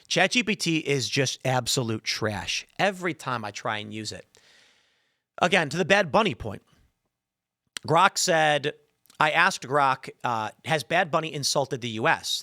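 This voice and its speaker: Man, podcast host, exasperated rant, lively swooping pitch, bright tense voice. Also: moderate pace, no room sound, studio quality. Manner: exasperated, sarcastic, acts out both sides of chats. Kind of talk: animated opinionated monologue.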